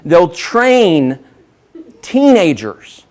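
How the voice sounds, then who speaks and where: Man, guest speaker, self-deprecating storyteller, slightly high, very animated delivery. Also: drawn-out words. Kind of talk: humorous business talk to an audience.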